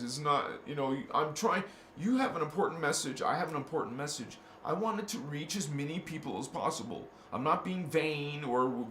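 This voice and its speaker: A man's voice: mid-range voice, fairly bright tone. A man talking casually to his viewers in a meandering monologue, often restarting and repeating words. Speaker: spiritual vlogger. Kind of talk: rambling casual monologue to camera. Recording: echoey room with faint background noise.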